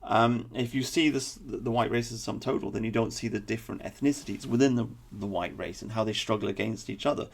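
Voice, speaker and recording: A man's voice: fairly low pitch, quick pace, creaky, hardly any pauses, breathy edge. A man delivering a blunt, opinionated political commentary monologue with sarcastic asides. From England.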